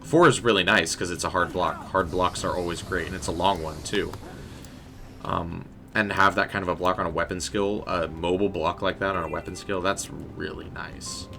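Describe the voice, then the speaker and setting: Deep-voiced man chatting through a game stream. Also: fairly even intonation, a little fast, bright, forceful tone, slight background noise. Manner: chatty and rambling, talking to chat. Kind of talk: casual live gameplay commentary.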